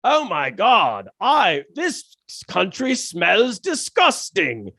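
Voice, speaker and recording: A man's voice: sits high, huge pitch swings, drawn-out words, sharp tone, slightly rough, no echo, full character voice. A man doing a put-on British accent as a crude old male stand-up comic, mocking and exaggerated.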